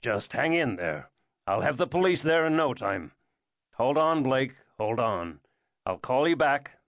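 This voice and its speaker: A man voicing a calm, reassuring friend. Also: medium pitch, a little slow, no echo.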